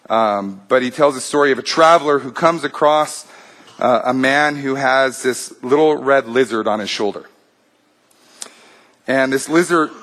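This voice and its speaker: A man's voice: mid-range voice, fairly bright tone. Conversational male preacher. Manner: conversational, with fillers and restarts. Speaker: pastor. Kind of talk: sermon storytelling.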